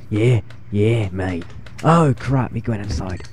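Rambling, jokey man with a mellow low voice. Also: measured pace, breathy edge. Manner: rambling, jokey, jumpy reactions. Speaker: gaming channel host. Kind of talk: casual gameplay commentary.

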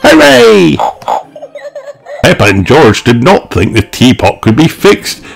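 A man reading a children's picture book aloud in a slow, expressive, sing-song manner. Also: medium pitch, faint music behind. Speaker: storyteller.

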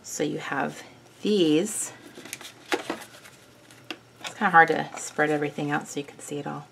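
A woman's voice: sits low, a little slow, gravelly, a bit bright, slight background noise. A woman hosting a craft video, chatting through a kit in a gushing way with small self-corrections. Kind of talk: casual product walkthrough.

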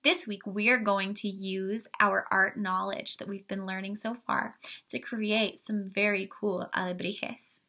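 In a steady, unhurried, mid-range voice that sounds pushed and bright, a woman art teacher leads an upbeat online lesson for children. She speaks directly to the kids, asking them questions as she guides them through a drawing step by step.

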